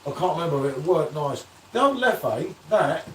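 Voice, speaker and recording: A man's voice: fairly high pitch, very animated, moderate pace, slight background noise. A man hosting a casual live beer-review stream, bantering and reading out viewer comments. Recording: echoey room, distant from the mic.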